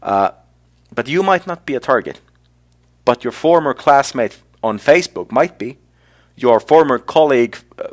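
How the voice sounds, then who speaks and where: A man giving a solo talk to camera, thinking aloud with fillers and restarts as he reflects. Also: mid-range voice. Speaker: blogger.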